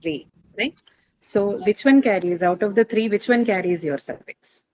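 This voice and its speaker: A woman's voice: medium pitch, normal speed, darkish tone, slight background noise, rough recording. Patient woman teaching a class. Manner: explains step by step, frequent fillers and tag questions. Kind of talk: classroom lecture on word stress.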